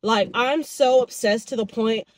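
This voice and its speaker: A woman's voice: a little high, unhurried, no room sound. A woman in her twenties chatting casually in a vlog, telling stories with lots of quoted back-and-forth, filmed on her phone in her car and at home. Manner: chatty, animated storytelling with quoted dialogue. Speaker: vlogger. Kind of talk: casual vlog chat to camera.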